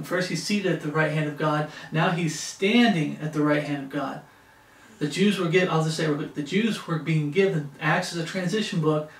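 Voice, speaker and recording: A man's voice: on the high side, reverberant, distant mic, poor audio. A man preaching a sermon, reading Bible passages aloud and breaking off into impassioned plain-spoken asides. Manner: reads scripture in King James wording, breaks off into impassioned asides.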